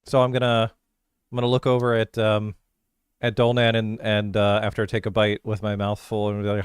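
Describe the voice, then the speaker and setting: Smooth, low-voiced man tabletop player. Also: completely flat delivery, brisk, no echo, studio quality. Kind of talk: tabletop game narration of own actions.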